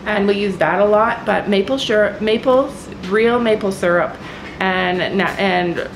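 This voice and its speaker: A woman vlogging outdoors on a snowy farm, chatting excitedly to her viewers and often repeating herself. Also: mid-range voice, a little slow, background noise. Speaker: vlogger on a family homestead. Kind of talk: casual vlog talk to camera.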